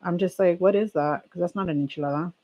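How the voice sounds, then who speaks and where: Speaking in a lower register and at a quick pace, the California-based host chats casually with her stream, reading aloud, laughing frequently and reacting with strong opinions straight to her audience. The sound quality is lo-fi.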